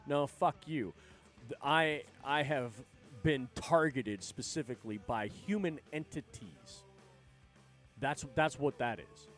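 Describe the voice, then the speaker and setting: A man talks off the cuff on a livestream, wandering from thought to thought with plenty of swearing and laughing between lines. His voice sits at an ordinary middle pitch for a man. Faint music plays underneath. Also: expressive, takes it slowly, fairly bright tone. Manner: rambling, profane, laughs often. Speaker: livestream host. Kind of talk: casual livestream chat.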